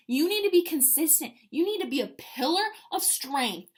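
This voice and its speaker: A woman giving an energetic motivational pep talk to her sales team, emphatic and swinging between loud bursts and hushed asides. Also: high-pitched, moderate pace, few pauses.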